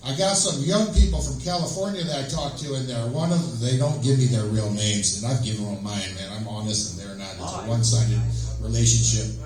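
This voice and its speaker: A man telling rambling stand-up stories on a small club stage, with fillers and a deadpan delivery. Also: medium pitch, brisk. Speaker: amateur stand-up comic. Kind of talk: stand-up set. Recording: echoey room from far off with crowd.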